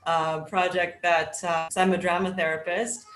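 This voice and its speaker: A woman's voice: fairly low pitch, flat delivery, normal speed, fairly bright tone, a little hiss or hum. A woman drama therapist, a guest on a video call, chatting with enthusiasm. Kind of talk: casual chat on a video call. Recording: roomy sound with music behind.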